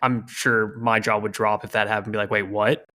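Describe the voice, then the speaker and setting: A man's voice: fairly low pitch, flat delivery, a little fast, sharp tone. A man hosting a podcast, reacting with enthusiasm and asking questions in a casual interview style, full of "like"s. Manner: enthusiastic, with many "like"s and repeated words. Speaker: podcast host.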